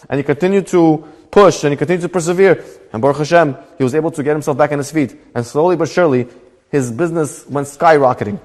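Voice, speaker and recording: Rabbi guy telling a story quick, kinda high voice, echoey hall. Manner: animated storytelling with voiced characters. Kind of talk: storytelling Torah class.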